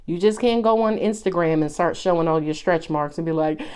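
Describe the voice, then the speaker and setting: A woman's voice: fairly low pitch, a little fast, darkish tone, clean tone. A woman giving a casual tarot reading to her viewers, talking bluntly and chattily and laughing often. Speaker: tarot reader.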